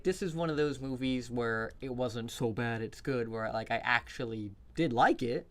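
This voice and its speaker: A man talks loosely on a casual live stream, rambling from thought to thought. He laughs often and swears freely. His voice sits at an ordinary middle pitch. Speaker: streamer reviewing movies.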